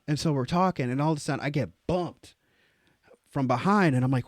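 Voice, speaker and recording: A young man on a casual podcast, spinning a story with loose swearing and leaps into high, excited quoted voices. His voice sits at an ordinary middle pitch. The sound is close and dry. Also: moderate pace, long pauses, no echo. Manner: animated, jumps into high exclaimed quotes, swears freely. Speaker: podcast co-host.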